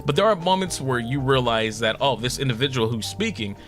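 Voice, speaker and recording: A male streamer talks in a loose, casual way, and his voice swings widely up and down in pitch. He laughs often and swears without a second thought. Faint music sits behind him. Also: animated, fairly quick, fairly bright tone. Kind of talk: casual anniversary stream talk.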